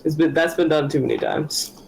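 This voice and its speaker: A man's voice: a little high, fairly even intonation, moderate pace, gravelly, a little mellow, poor audio. A man playing a tabletop game, chatting casually and describing his character as he thinks aloud.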